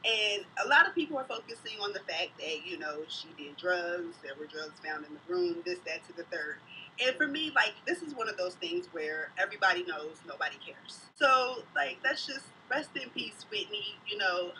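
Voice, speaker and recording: A blunt, outspoken woman talks straight to camera in a casual vlog, gossiping and telling stories. Her voice is very bright and a touch sharp. She sits back from the mic, and a faint hum of noise runs behind her. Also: mid-range voice, recorded from a distance, poor audio. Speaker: vlogger, mother. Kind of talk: casual chat, storytelling.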